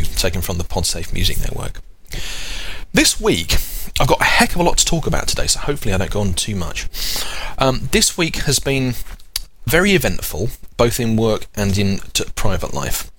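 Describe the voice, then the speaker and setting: Low-voiced, animated rambling podcast host man. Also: a little hiss or hum. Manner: rambling, chatty, self-correcting. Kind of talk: casual chat.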